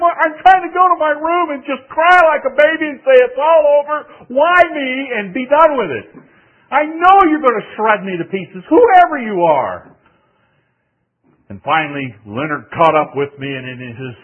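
An older man preaches in an animated storytelling voice, rising loud and dropping to a hush. His tone is husky and a little high. The sound is thin and tinny, like a phone line. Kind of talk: sermon testimony.

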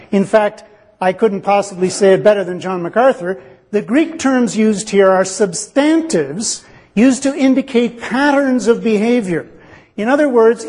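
A man's voice: high voice, a little mellow, long reverb tail. A man preaching a sermon in an earnest, reasoning way, acting out little dialogues to make his point.

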